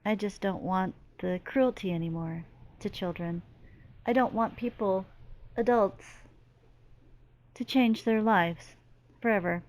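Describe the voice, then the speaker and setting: A middle-aged woman channels as a spiritual medium, speaking slowly with frequent pauses in a medium-pitched, darkish voice. Her monologue is earnest and emphatic, with lots of repetition.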